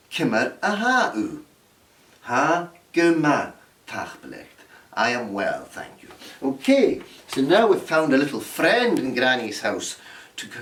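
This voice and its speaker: A man leading a playful online lesson for children, slowly sounding out simple phrases syllable by syllable. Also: on the high side, fairly bright tone, a little hiss or hum. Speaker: Gaelic workshop teacher. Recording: roomy sound from a distance.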